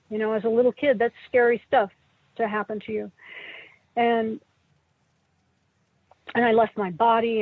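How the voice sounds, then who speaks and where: A middle-aged woman recalling personal memories as an interview guest, halting and emotional, sometimes tearful. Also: on the high side, husky, no echo. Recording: tinny phone-like line.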